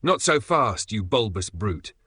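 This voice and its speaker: A man voicing a smug, bumbling male secret agent with a deadpan, mock-suave delivery. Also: lowish voice, unhurried, breathy edge, no room sound, exaggerated voice.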